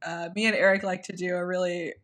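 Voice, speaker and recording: A woman's voice: lowish voice, level tone, quick pace, fairly bright tone. A woman co-hosting a podcast in casual chat, talking loosely with lots of filler words. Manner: chatty, many "like" fillers. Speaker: podcast co-host.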